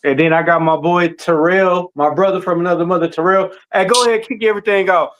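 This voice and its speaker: A man with a fairly high voice hosts a casual podcast. He is upbeat and talks his co-hosts up warmly. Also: steady tone, fast. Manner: upbeat, hyping up guests. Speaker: podcast host.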